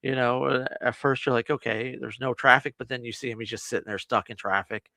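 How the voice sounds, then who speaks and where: A man co-hosting a casual movie review podcast, retelling the plot in lively fashion and acting out the characters' lines. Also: mid-range voice, quick pace, creaky, no room sound, studio quality. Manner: animated retelling, acts out quotes with laughs. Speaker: podcast co-host.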